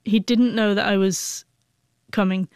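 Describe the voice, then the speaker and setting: A woman in her forties shares a heartfelt memory, her speech catching on repeated sound blocks. Her voice is smooth and resonant. It sits close and dry, with no room around it. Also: medium pitch, steady tone, measured pace, dry recording. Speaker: guest, author. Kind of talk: emotional personal recollection.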